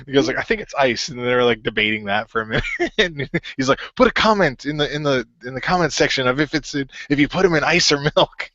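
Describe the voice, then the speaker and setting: A man's voice: mid-range voice, fast, sharp tone, no echo. A man co-hosting a casual podcast chat, rambling through a story with frequent laughs. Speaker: podcast co-host. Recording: dull, dry lo-fi audio.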